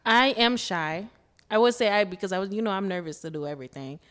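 A young woman guesting on a podcast, talking in a relaxed, casual way. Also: medium pitch, quick pace.

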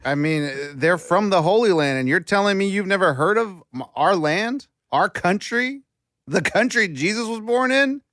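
A man's voice: high-pitched, lively intonation, normal speed, fairly bright tone, dry recording, studio quality. A man co-hosting a podcast, needling and mock-indignant in casual banter. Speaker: podcast co-host. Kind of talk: casual chat, teasing banter.

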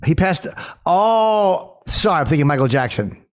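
A man co-hosting a casual chat, teasing his friend with deadpan crude jokes. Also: fairly high pitch, measured pace. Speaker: podcast co-host.

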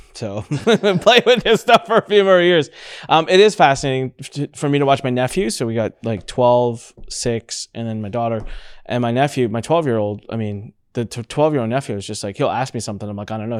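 Man, thirties, podcast host, casual panel chat, animated storyteller. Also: mid-range voice, quick pace. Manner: animated storyteller, mimics baby sounds.

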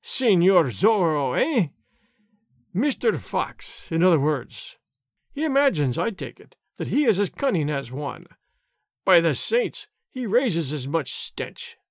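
A man voicing a big, hot-tempered army sergeant who roars and blusters in a booming voice, in an audiobook reading. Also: sing-song, normal speed, dry recording, clean studio sound. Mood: blustering.

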